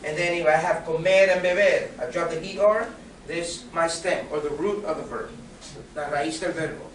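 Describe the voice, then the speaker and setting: High-voiced man teaching in an echoey classroom. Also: moderate pace, a bit bright, distant mic, a little hiss or hum. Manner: patient, checks for understanding with "okay?" and questions. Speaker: Spanish teacher. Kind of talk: classroom lecture. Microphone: recorded from across the room.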